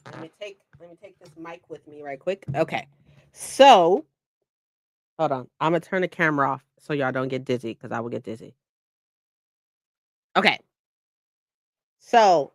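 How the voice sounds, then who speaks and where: A woman's voice: lowish voice, dry recording, clean studio sound. A woman chatting casually on a live book stream, repeating herself and swearing freely.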